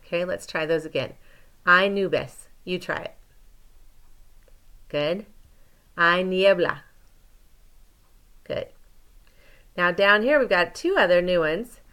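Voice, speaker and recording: A woman teaching a recorded lesson, modelling words slowly and clearly and pausing for learners to repeat. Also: on the low side, a bit bright. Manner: slow, clear pronunciation drills with pauses. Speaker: Spanish teacher.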